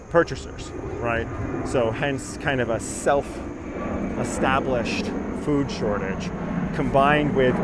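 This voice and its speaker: A man guiding a live-streamed garden walking tour outdoors, chatting casually and reading viewer comments aloud. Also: medium pitch. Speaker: tour guide. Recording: outdoor live stream with clear background noise.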